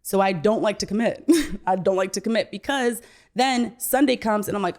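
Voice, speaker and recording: A woman's voice: medium pitch, moderate pace, darkish tone. Chatty laughing woman in her thirties. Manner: chatty, laughs often, says "like" a lot. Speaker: podcast guest. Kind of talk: casual chat.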